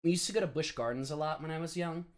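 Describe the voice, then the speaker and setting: A man's voice: on the high side, very fast. A man in his late twenties from the New York area, chatting casually on a live stream, laughing often and filling his talk with "like" and "um.". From New York area, USA. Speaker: live streamer answering chat.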